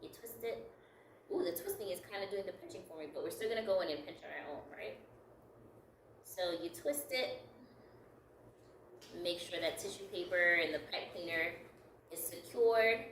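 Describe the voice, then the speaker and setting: A woman's voice: on the low side, lively intonation, moderate pace, pauses often, a bit bright, roomy sound, far from the mic, a little hiss or hum, poor audio. A woman leading a step-by-step craft tutorial, upbeat and encouraging, laughing lightly at her own slips. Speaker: craft instructor.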